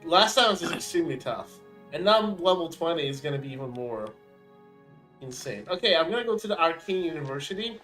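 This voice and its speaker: A man's voice: fairly high pitch, expressive, fairly quick, a bit bright, faint music behind, rough recording. A man hosting a live game stream, rambling and joking with frequent laughter. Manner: goofy, laughing, rambling jokes. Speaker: streamer host. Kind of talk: live gameplay chat.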